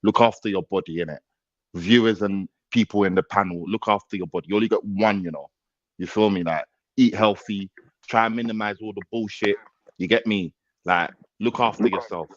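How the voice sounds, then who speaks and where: A man's voice: fairly low pitch, fairly even intonation, brisk, no echo. A man in his thirties from South London with a South London accent, chatting as a guest on a stream in a slangy, earnest way. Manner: slangy, earnest, laid-back. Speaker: guest panelist. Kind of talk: casual chat. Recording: dull dry call audio.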